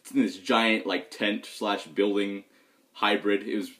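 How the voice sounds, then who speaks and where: A man's voice: fairly low pitch, fairly even intonation, measured pace, a bit bright. A young man, a pro gamer, talking in a loose, rambling and frank vlog chat. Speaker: pro gamer vlogging about tournaments.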